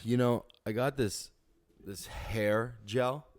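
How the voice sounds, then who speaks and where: A man's voice: mid-range voice, fairly even intonation, slow. A man co-hosting a comedy podcast, joking and riffing in playful improvised banter. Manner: playful, slips into silly voices. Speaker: podcast co-host.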